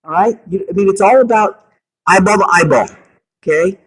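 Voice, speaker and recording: A man leading a meeting for real estate agents, coaching them in an energetic way and often checking in with the room. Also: high voice, normal speed, breathy edge, low-quality recording. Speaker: meeting leader at a realty office.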